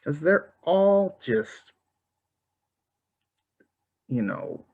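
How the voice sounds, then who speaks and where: A host chats casually and gushes, tossing in 'like' and 'oh my gosh' all the time. The voice is a bit husky and swings widely up and down in pitch. It comes through thin and tinny, like over a phone line. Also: very animated, very slow. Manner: giggly, gushing, full of 'like' and 'oh my gosh'. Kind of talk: casual chat.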